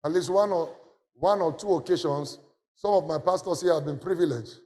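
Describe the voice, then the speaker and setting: A male pastor preaching a sermon testimony, answered by his congregation, moving from hushed talk to loud shouting. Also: fairly high pitch, normal speed. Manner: preaching with call and response from the congregation.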